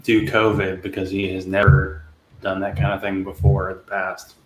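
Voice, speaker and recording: Low-voiced man with dry humor, roomy sound. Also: monotone, moderate pace. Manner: dry, joking. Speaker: podcast co-host. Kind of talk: casual chat. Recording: roomy with faint noise.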